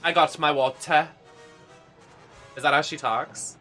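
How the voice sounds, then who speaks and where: A game streamer giving campy, sassy, playful live commentary with loud gasps and squeals. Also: medium pitch, fairly even intonation, measured pace, long pauses, soft background music. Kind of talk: live let's-play commentary.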